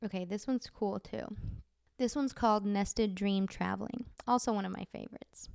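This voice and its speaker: A woman's voice: medium pitch, fairly even intonation, normal speed, creaky, darkish tone, smooth, no echo, clean studio sound. A woman podcast host chattily telling dream stories, full of "like" fillers. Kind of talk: casual storytelling.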